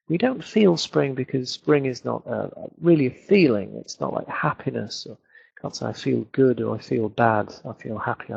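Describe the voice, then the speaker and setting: A man's voice: mid-range voice, creaky, a little mellow, breathy edge, lo-fi sound. A British man teaching English in a webinar lesson, explaining points and repeating words to show where the stress falls. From Britain.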